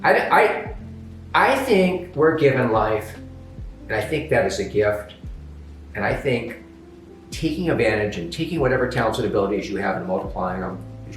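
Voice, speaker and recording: A man as an interview guest, telling stories in a lively, upbeat way. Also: fairly low pitch, moderate pace. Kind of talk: casual interview chat. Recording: echoey, distant mic with faint music.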